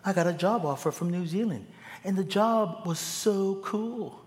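A man's voice: high voice, measured pace, in a large hall. A man preaching a sermon, telling stories with humor and building to emphatic exhortation. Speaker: pastor.

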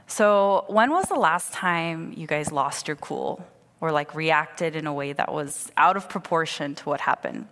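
A woman in her thirties giving a sermon, praying and then telling candid, animated stories in a conversational way. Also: deep voice, unhurried. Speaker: preacher. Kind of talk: sermon with opening prayer. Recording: long hall reverb.

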